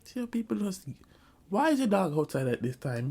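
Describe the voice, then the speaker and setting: A man's voice: sits high, very animated, brisk, a little mellow. A young man telling a comic school story in a storytime vlog, acting out quotes. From Jamaican family, Caribbean community. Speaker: vlogger.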